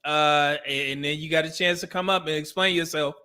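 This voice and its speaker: A man's voice: fairly high pitch, steady tone, a little fast, bright, forceful tone, clean tone. A man hosting a livestream, reacting to a clip with blunt, exasperated commentary and calling viewers brother. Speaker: host reacting to a video.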